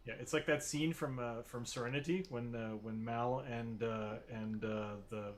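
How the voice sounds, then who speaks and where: A man running a tabletop game as game master, in a relaxed, rambling way with many fillers. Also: mid-range voice, normal speed, a little hiss or hum.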